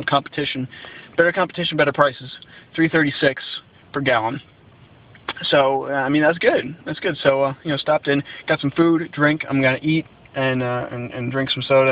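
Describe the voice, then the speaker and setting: A man giving a casual vlog update from a gas station stop, rambling with lots of fillers. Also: medium pitch. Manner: rambling, many fillers and restarts. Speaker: road-trip vlogger. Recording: dull lo-fi sound.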